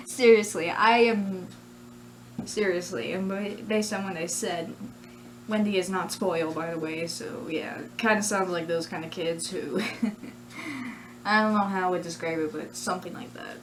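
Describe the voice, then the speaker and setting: A woman's voice: medium pitch, unhurried, a little hiss or hum. A woman hosting a casual vlog at home, talking hesitantly with lots of giggles and fillers. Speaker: channel host. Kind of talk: casual vlog about doing character voices.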